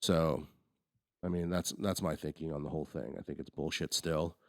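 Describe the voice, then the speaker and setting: Very deep-voiced man, rambling podcast chat. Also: steady tone, moderate pace, no echo, studio quality. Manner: rambling, frequent restarts and fillers. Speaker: podcast co-host. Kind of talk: casual movie review chat.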